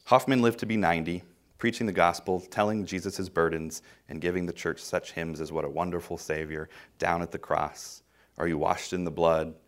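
A middle-aged man preaching a sermon, swinging between loud emphatic bursts and quiet, low phrases. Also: steady tone, moderate pace.

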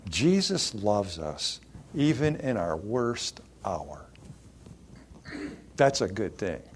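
Slow, lively preaching man. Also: fairly low pitch, a little hiss or hum. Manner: expressive preaching, acting out quoted voices. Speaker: pastor. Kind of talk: sermon.

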